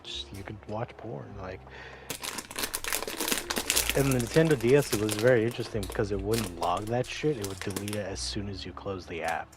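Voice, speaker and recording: A man's voice: fairly low pitch, normal speed, background noise. A man in a casual podcast chat, cracking crude jokes. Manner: joking, crude.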